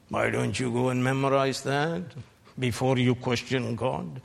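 Fiery gravelly preacher in a reverberant hall. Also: male voice, mid-range voice, steady tone, normal speed. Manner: thundering, rebuking, with sudden shouted peaks. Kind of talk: fiery sermon.

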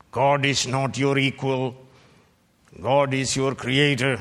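A man preaching a fiery sermon, rebuking his hearers and bursting into shouted peaks between slow, deliberate lines. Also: medium pitch, little pitch movement. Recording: long hall reverb.

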